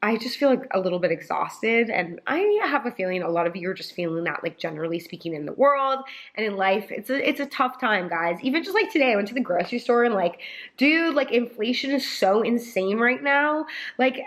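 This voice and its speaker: A woman's voice: a little high, lively intonation, fairly quick. A young woman vlogger talking to camera in a casual, emotional way, rambling with many fillers, indoors by a sunny window. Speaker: lifestyle vlogger and influencer. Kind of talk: casual apology vlog to camera.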